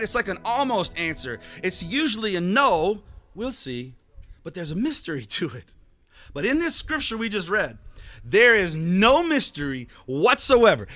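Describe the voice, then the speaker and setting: A man in his thirties preaching a sermon in a loose, conversational way, acting out little bits of dialogue with a grin in his voice. His tone is bright and forceful, and the recording is close and dry. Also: on the high side, no room sound. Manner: conversational, animated, acts out dialogue with jokes. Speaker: pastor.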